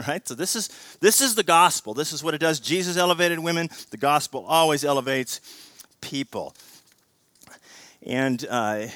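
Animated pastor with a bright, forceful voice. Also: male voice, a little high, no echo. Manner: animated, swings between loud emphasis and quiet intensity, repeats words, asks "right?". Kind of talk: sermon.

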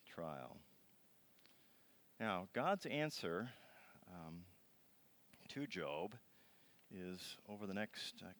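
A man's voice: low voice, fairly bright tone. A middle-aged man preaching a sermon as pastor, reading scripture dramatically and adding playful asides. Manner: dramatic, reads scripture with rising intensity. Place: church.

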